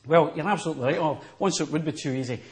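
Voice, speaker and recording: A man's voice: a little high, rapid-fire. A man working as a chef, patiently explaining a recipe step by step in a studio kitchen. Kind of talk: cooking demonstration.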